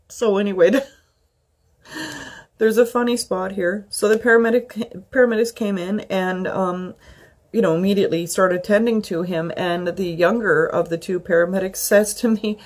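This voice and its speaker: A woman in her fifties telling a personal story in a vlog, rambling and halting, with many fillers. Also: mid-range voice, steady tone. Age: 50s. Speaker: vlogger.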